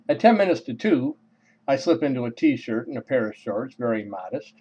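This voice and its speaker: Wry deadpan male storyteller, lo-fi. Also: medium pitch, moderate pace, breathy edge. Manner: wry, deadpan comic timing. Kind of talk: humorous personal storytelling. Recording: dull lo-fi recording.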